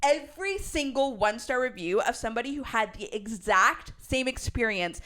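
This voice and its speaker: Young woman, podcast co-host, animated storyteller, high and very expressive voice. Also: moderate pace. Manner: animated, laughs through the story. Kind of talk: casual chat, storytelling.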